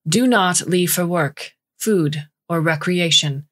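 A woman voicing a robotic corporate alert system that makes announcements with a discordant calm. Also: fairly low pitch, slow pace. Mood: calm commanding.

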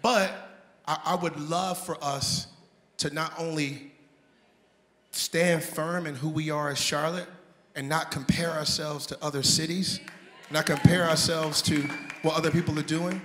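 A man's voice: on the high side, fairly even intonation, measured pace, fairly bright tone. A male singer talking to the crowd between songs at a live show, chatty and hyping the audience, laughing at himself. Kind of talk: stage banter between songs. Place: live concert stage. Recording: echoey venue with live band. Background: band music.

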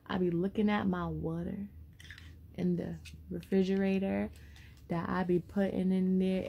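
A woman's voice: lowish voice, creaky, warm tone, slight background noise. A woman vlogger chatting casually and rambling to her viewers as she unboxes something, a little out of breath.

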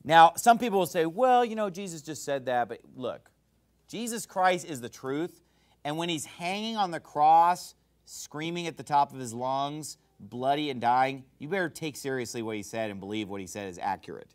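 A male Baptist preacher with a high, lively voice that leaps up and down as he presses his points. He preaches with force, breaking into shouted quotes before dropping back to his plain voice. His sermon delivery is emphatic and animated throughout. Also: moderate pace.

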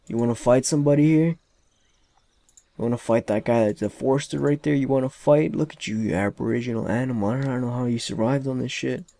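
Young man, let's play commentary, excitable, swears a lot, taunts characters, dry sound. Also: medium pitch, fast, vocal fry, no echo. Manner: excitable, swears often, talks to game characters. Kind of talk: casual gameplay commentary.

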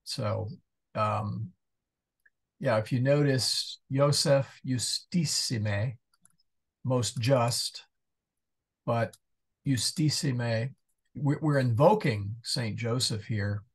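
Slow, gravelly man teaching Latin. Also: mid-range voice. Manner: thinks aloud, mumbling asides while searching. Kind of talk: casual online class. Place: church parish class over video call.

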